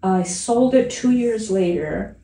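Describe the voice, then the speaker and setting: A woman guest on a podcast shares investing stories with animated energy, acting out the lines she once said. Her voice is mellow and relaxed. She sounds slightly off-mic in a roomy, echoey space. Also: medium pitch, takes it slowly, distant mic. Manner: animated storytelling, acts out her own quoted lines. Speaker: real estate investor guest. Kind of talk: casual podcast conversation.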